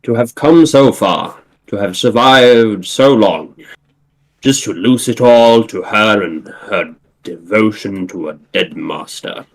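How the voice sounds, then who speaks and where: A man voicing a scheming male imperial official on the run, measured and commanding, in a comic read-aloud. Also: on the low side, gravelly, exaggerated voice, low-quality recording. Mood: brooding.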